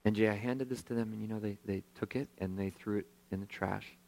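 Gravelly man preaching a story. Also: fairly low pitch, a little fast, poor audio. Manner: animated storyteller acting out quoted voices. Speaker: pastor. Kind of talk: sermon storytelling.

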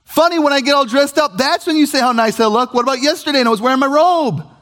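A man's voice: extremely high pitch, quick pace, a bit bright, big-room sound, voice pushed up. A man voicing an indignant adult wife in a mock-offended, arch tone while preaching a sermon.

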